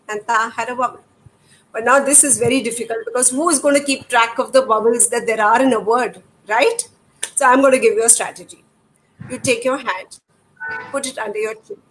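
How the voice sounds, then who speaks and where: A woman's voice: fairly high pitch, a bit bright, low-quality recording. A middle-aged woman with an Indian English accent, explaining reading activities to parents in a patient, demonstrative way and asking rhetorical questions. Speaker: educator. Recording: faint background noise.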